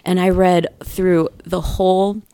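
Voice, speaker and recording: A woman co-hosting a podcast, telling a story in casual chat, swearing freely and animated. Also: fairly low pitch, takes it slowly, clean tone, dry recording. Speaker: podcast co-host.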